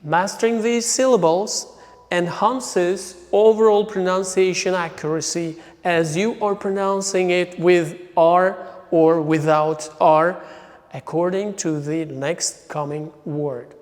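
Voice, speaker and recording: Slow, high-voiced male teacher. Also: steady tone, darkish tone. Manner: methodical, reads out example words one by one. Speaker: English teacher. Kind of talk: recorded lecture. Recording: lecture with long hall reverb.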